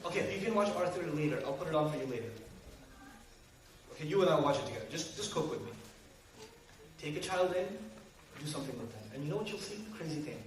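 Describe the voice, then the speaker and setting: High-voiced man lecturing in an echoey hall. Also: fast talker, pauses often. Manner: animated, joking, acts out family scenes. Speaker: Islamic speaker. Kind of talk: lecture to an audience. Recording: echoey hall, speaker far from mic.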